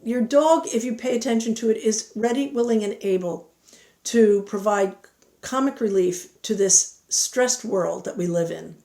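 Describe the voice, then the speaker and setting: A woman's voice: mid-range voice, measured pace, dark tone. Earnest woman giving dog advice, echoey. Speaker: dog training speaker. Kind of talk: instructional talk.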